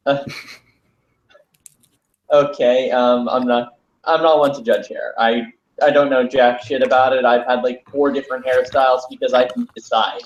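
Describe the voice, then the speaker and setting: A man's voice: mid-range voice, little pitch movement, moderate pace. A man teasing friends in a casual group chat over a video call. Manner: joking, teasing. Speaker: hangout participant. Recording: roomy, dull, faint noise.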